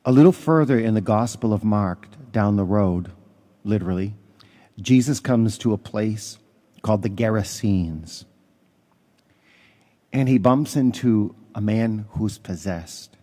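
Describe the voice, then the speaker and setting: A man's voice: lowish voice, a little slow, dark tone. A man, a parish priest, giving a conversational homily with stories and some fillers. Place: church.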